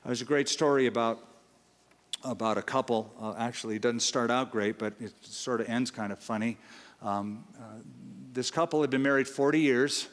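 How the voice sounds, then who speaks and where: A man's voice: medium pitch, moderate pace, long reverb tail. A male pastor preaching a sermon, telling a funny story and acting out its characters. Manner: storytelling, voices the characters in a joke.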